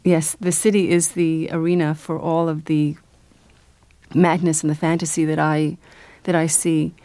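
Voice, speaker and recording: A woman's voice: deep voice, level tone, normal speed, warm tone, no echo. A woman guest in a radio interview, talking about her work with many fillers, restarts and easy laughter. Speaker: guest, children's book author and illustrator.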